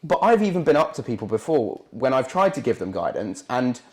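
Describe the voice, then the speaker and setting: Podcast co-host: young guy, rapid, mid-pitched, chatty. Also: sing-song. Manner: chatty, laughs often, quick asides. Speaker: online fitness coach, podcast co-host. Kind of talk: casual podcast chat.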